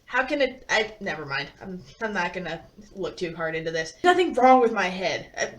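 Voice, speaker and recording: A young woman from Michigan reading a novel aloud and commenting on it with sarcasm, animated and prone to swearing. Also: lowish voice, normal speed, distant mic. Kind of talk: sarcastic read-along commentary.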